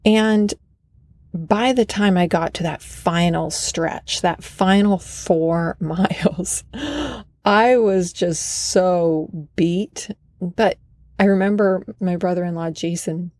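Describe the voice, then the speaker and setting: Low gravelly-voiced woman telling a story. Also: steady tone, takes it slowly, dry recording, studio quality. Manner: warm, earnest, enthusiastic storytelling. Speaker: podcast host. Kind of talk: personal storytelling monologue.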